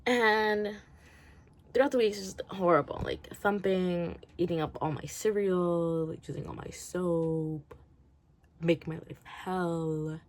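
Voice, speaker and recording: A woman's voice: on the low side, slow. A woman giving a casual, rambling rant review, swearing freely and laughing often. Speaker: book reviewer.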